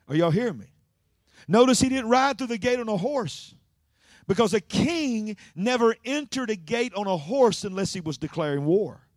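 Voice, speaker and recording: A man preaching a sermon in call-and-response style, swinging from loud to hushed. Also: high-pitched, no echo, studio quality.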